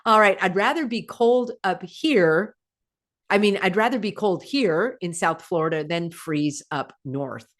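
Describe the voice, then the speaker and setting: A woman hosts her own broadcast in a casual, chatty way, reacting and laughing as she goes. Her pitch swings widely from line to line. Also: unhurried. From United States. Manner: chatty, animated, laughs often. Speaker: host.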